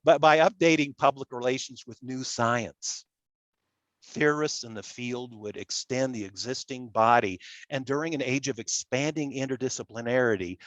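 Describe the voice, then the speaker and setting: A middle-aged man with a nasal Midwestern American accent, giving an academic lecture with slides in a halting way, often repeating his words. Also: mid-range voice, fairly bright tone, dry recording. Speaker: public relations scholar.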